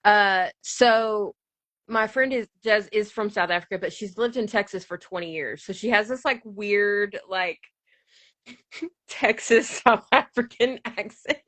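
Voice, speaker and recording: A woman hosting a live chat show, animated and giggly after a few drinks. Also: mid-range voice, unhurried, no echo. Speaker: podcast host.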